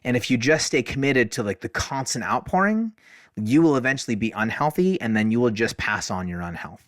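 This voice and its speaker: A man, a podcast guest, telling stories in a casual, animated way, often saying "like" and acting out dialogue. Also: mid-range voice, fairly quick, dry recording, studio quality. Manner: animated, fills speech with "like", acts out dialogue. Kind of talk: casual storytelling.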